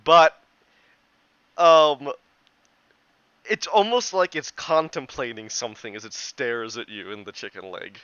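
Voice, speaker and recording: A man's voice: mid-range voice, unhurried, long pauses, a bit bright, clean tone, no echo. A man narrating a tabletop game as game master, in a loose, chatty way with many restarts. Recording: dull lo-fi, dry.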